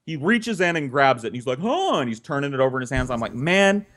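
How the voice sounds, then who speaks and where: A man spins a childhood tale in loose, chatty fashion, cursing freely as he goes. His voice sits at a middle pitch for a man, and he animates the story with shifting energy. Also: racing. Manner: profane, conversational, animated. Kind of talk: casual storytelling.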